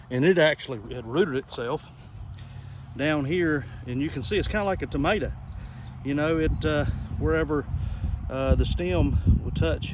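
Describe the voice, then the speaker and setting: A man giving a relaxed, folksy walk-through of his garden, with lots of filler words, recorded outdoors on a camera mic. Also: medium pitch. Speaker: farm vlogger. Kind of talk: casual walk-through narration. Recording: faint outdoor noise with insects. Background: crickets and insects in the background.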